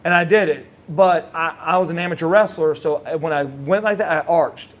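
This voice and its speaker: An interview guest who used to wrestle, a middle-aged man, spins loose, meandering stories packed with fillers and restarts. His voice leans high and he talks at a normal speed.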